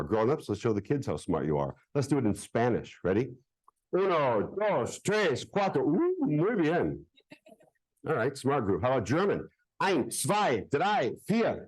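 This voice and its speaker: A man's voice: mid-range voice, darkish tone, rough recording. A man performing a live magic show for children at a public library, joking playfully with the crowd.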